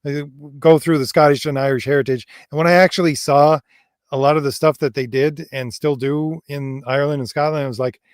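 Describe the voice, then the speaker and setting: Guy co-hosting a livestream, kinda high voice, dry sound, lots of um and quite honestly. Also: steady tone, dry recording. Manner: earnest, fills pauses with um and quite honestly. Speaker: co-host and author. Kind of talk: casual livestream chat.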